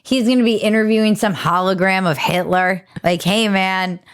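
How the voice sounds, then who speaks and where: A woman's voice: mid-range voice, fairly quick. Sarcastic woman podcast host. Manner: sarcastic, riffing. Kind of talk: casual comedic commentary.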